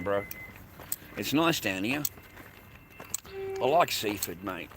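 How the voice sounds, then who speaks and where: A man's voice: medium pitch, big pitch swings, a little slow, pauses often, noisy background. An Australian man streaming a casual, rambling walk-and-talk outdoors on a street near the beach, swearing constantly and ending lines with mate and bro.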